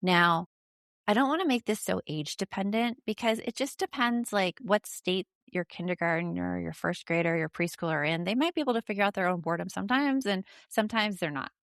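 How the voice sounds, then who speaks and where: A woman's voice: medium pitch, brisk, vocal fry, no echo, studio quality. A woman podcast host giving casual parenting advice, speaking directly and frankly to the listener.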